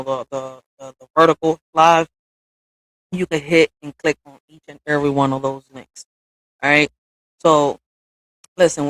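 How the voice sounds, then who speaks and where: A woman with a low-sitting voice rants casually and bluntly while hosting a live stream from home, speaking directly to viewers with swearing and slangy asides. The recording has no echo and comes through a streaming software setup.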